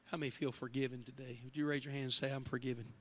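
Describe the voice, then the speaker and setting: A male pastor preaching a passionate sermon in a church, moving from hushed words to shouts, with a Midwestern American accent. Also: medium pitch, flat delivery, very fast. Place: church sanctuary.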